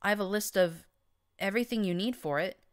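A woman's voice: mid-range voice, brisk, pitched above the performer's own voice, natural voice. A woman voicing a timid, mousy young mare pony who stammers nervously, in an audiobook reading. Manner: hesitant, stammering.

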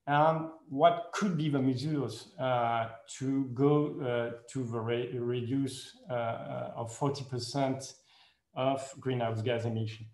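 A man giving a conference presentation in careful non-native English, hesitant and full of pauses and fillers, correcting himself as he goes. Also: medium pitch. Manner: speaks English as a second language. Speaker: conference speaker. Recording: echoey room.

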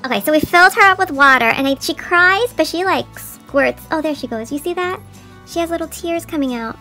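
Woman host, toy unboxing, very high squeaky voice, gushing sing-song chatter with music behind. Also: expressive, fairly quick, sharp tone. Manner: gushing, gasping, sing-song baby talk to toys. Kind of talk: excited toy unboxing chat. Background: background music.

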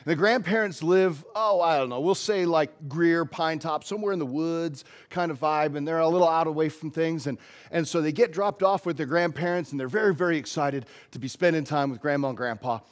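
A man's voice: on the high side, a little fast. A male pastor giving a casual, story-driven sermon in a church.

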